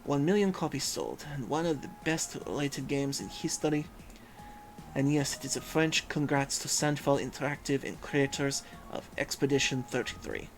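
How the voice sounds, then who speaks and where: In casual chat on his livestream, a male host reads viewers' messages aloud and muses, humming and using fillers often. His voice is mid-range and his speed normal.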